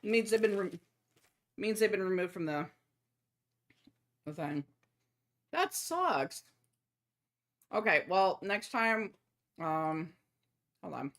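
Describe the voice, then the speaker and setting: A woman's voice: fairly low pitch, a little slow, long pauses. A young adult woman streaming a game, chatting casually and telling a joke with lots of laughter and swearing. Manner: laughs often, swears, lively storyteller.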